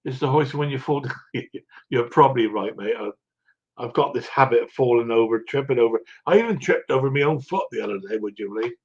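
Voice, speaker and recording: A man's voice: medium pitch, a little fast, dull audio. Chuckling older man hosting a stream. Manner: rambling, chuckly and self-mocking. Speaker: livestream host. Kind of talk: casual chat greeting viewers.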